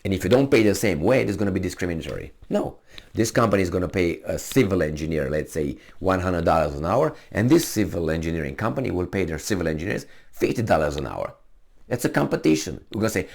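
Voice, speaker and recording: A man with a low, gravelly voice gives an argumentative opinion monologue to camera. He plays out imagined exchanges in his own voice to press his points. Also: expressive, fast, darkish tone. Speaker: commentator hosting his own channel.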